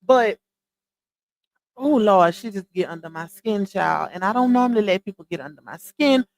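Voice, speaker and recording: A woman's voice: medium pitch, lively intonation, moderate pace. A woman hosting a livestream, giving blunt, scolding gossip commentary straight to her viewers.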